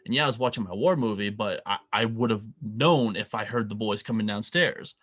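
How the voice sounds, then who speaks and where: A man co-hosting a casual podcast, telling a story and acting out the people in it with lively quoted voices. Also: lowish voice, a little fast. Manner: animated, acts out quoted voices. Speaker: podcast co-host.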